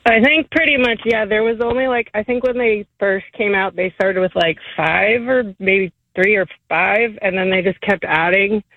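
A woman in her forties calling in to a radio show, chatting in a relaxed, slightly hesitant way. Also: mid-range voice, normal speed, hardly any pauses, no echo, phone-quality sound. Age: 40s. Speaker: caller. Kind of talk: phone-in chat.

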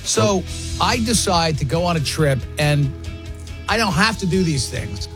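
A man hosting a casual sports radio show, telling lively stories and mimicking other people's voices. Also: on the high side, measured pace, music in the background. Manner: animated storyteller, mimics voices in quotes. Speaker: radio host.

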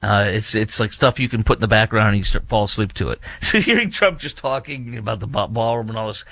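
A man's voice: lowish voice, lively intonation, fast, gravelly, a bit bright, dry recording. A man hosting opinionated political commentary, reading quotes aloud and rebutting them with mocking indignation.

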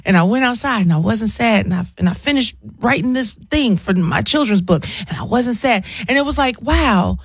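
A woman's voice: on the high side, a little fast, hardly any pauses, breathy edge, no room sound, studio quality. A woman in her thirties, a guest in a casual interview, telling stories and acting out other people's voices. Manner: animated storyteller, acts out voices.

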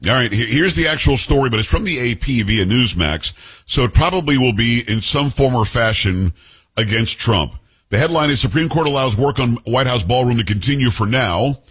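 A man hosting a talk radio show, chatting casually and telling stories with lively, mimicking delivery. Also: mid-range voice, moderate pace, breathy edge. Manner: animated storyteller, mimics voices in quotes.

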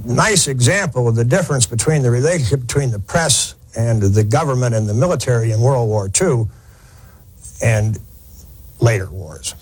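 A man's voice: medium pitch, moderate pace, breathy edge, low-quality recording. A man telling a war story in a folksy, conversational lecture, with fillers and restarts. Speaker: historian lecturer.

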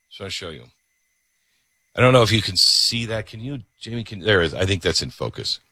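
A man's voice: lowish voice, fairly quick, slightly rough, no room sound, studio quality. A man hosting a talk radio show, delivering an opinionated, mocking monologue. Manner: animated, mocking, switches to mimicking voices.

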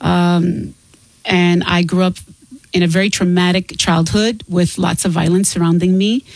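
A woman's voice: lowish voice, little pitch movement, measured pace, dry recording, poor audio. A middle-aged woman, a singer and author, speaking earnestly and openly as a guest in an interview. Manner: earnest and open, laughs between points. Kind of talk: candid interview talk.

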